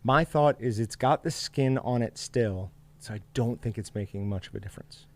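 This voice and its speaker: A man's voice: mid-range voice, normal speed, a little mellow. A man hosting a casual livestream, chatty and upbeat, reading viewer comments aloud. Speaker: livestream host.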